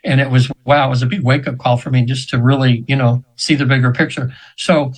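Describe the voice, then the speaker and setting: A man's voice: mid-range voice, flat delivery, brisk, slightly rough, rough recording. A man in his seventies, a radio show guest, telling a spiritual story in an earnest, meandering way with frequent restarts. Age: 70s.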